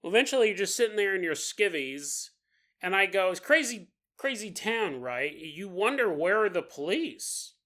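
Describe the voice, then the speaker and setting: A man's voice: high-pitched, sing-song, normal speed, sharp tone. A man hosting a podcast, telling a story in a casual, jokey way, acting out the people in it and laughing often. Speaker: podcast host.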